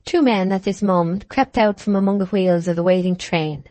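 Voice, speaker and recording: A woman reads a classic novel for an audiobook, keeping her storytelling measured and even. Her voice is mid-range, and there's no echo.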